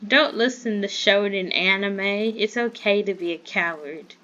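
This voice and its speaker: A woman's voice: medium pitch, a little slow, pushed and bright, lo-fi sound. A woman from the American South chatting in a rambling way while playing a game, easily startled. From Southern United States. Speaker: gamer. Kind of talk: casual Minecraft commentary.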